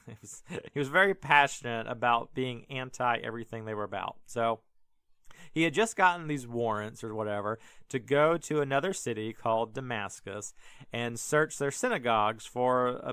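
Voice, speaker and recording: A man's voice: medium pitch, normal speed, fairly bright tone, smooth, no room sound. A man hosting a podcast, casually retelling a Bible story in a rambling, joking way full of fillers and restarts. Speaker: podcast host.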